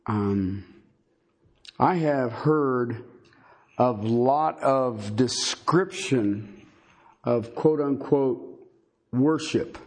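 A man teaching a Bible sermon in a halting, conversational way, with many fillers and folksy asides. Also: mid-range voice. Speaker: preacher.

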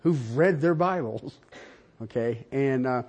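An older man preaching a sermon, animated and conversational, with frequent asides to the congregation. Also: measured pace, breathy edge. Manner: animated preaching with wide swings in pitch and loudness, asides to the audience. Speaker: pastor.

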